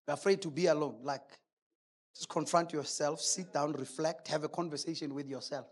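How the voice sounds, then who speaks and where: A man's voice: a little high, fairly even intonation, moderate pace, slightly rough. A male preacher delivering a sermon emphatically, asking rhetorical questions.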